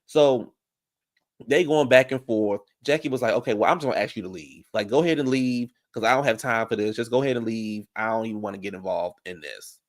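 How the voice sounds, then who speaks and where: A man casually recapping reality TV drama in an animated, profane storytelling manner, jumping up high when he quotes the women. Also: brisk. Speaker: reality TV commentator.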